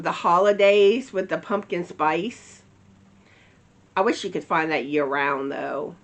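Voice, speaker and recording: Slow-talking woman host. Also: lowish voice, smooth. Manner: chatty, warm, uses "y'all", many fillers. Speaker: knitting channel host. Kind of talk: casual chat to camera.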